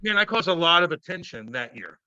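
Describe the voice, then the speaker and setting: A man's voice: fairly high pitch, a little fast, smooth, dry recording. Give me a brash, cursing man in his thirties recounting hockey days, with a dry, dull podcast sound. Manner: loud, profane, animated storytelling. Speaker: guest, former hockey player. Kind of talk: casual storytelling interview.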